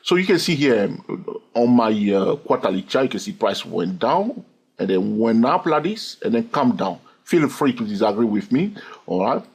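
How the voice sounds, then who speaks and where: Male trading instructor, husky voice, bouncy pitch, walks through a chart and keeps asking "okay?". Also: sing-song, normal speed. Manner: checks in constantly with "okay?" and "yes or no?"; repetitive, counting waves aloud. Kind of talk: chart walkthrough lesson.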